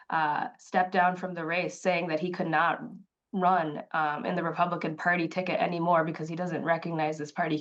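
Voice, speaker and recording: A woman city council member speaking in a live news interview, impassioned and emphatic, repeating phrases, and emotional at times. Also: lowish voice. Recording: slightly dull remote audio.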